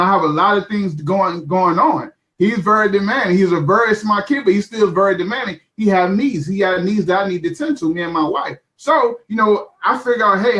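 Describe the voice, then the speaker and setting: A man's voice: sits high, a bit bright. A young adult man telling his marketing story in an emphatic, repetitive, motivational way on a live call. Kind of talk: animated talk on a live call.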